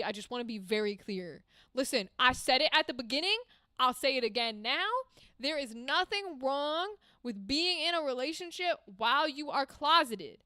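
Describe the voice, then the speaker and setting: A young woman from the Boston area streaming a game, commenting excitably and sarcastically with plenty of swearing. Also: high voice, normal speed, smooth, no room sound, studio quality. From New England, Boston area. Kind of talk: casual live-stream commentary.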